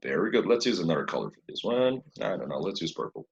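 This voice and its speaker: A man's voice: low voice, very animated, fast talker, vocal fry, highs cut off, slight background noise. A man teaching an English class who praises students often, repeats their answers and switches between English and Spanish.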